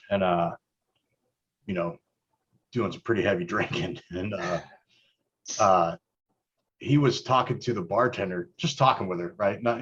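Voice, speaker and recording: A man's voice: low-pitched, fairly bright tone. Guy rambling thru a bar story, swearing, chuckling, kinda muffled audio. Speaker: guest. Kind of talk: casual chat.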